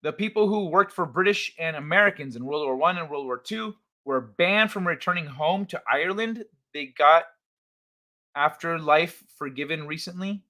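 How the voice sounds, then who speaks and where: This livestream host's voice runs on the high side, pushed and bright, at a moderate pace. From home on a desk microphone, he reads out chat messages, jokes crudely and rambles, often restarting his sentences.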